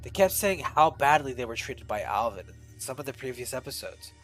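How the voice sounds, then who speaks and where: A male streamer reading a creepy fan story aloud, animated and full of swearing asides. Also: medium pitch, a little fast, soft background music, rough recording.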